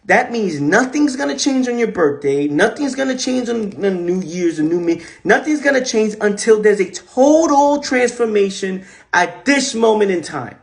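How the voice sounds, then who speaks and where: A man's voice: high voice, animated, moderate pace, creaky, hardly any pauses. A man hosting a live stream, speaking in an emphatic, repetitive, rambling way about how to live. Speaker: host. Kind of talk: casual motivational talk on a social media live stream. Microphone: phone.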